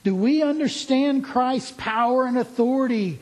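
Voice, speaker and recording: A man's voice: very high voice, normal speed, darkish tone, rough recording. A man preaching a sermon in an earnest, emphatic way, asking his listeners pointed questions.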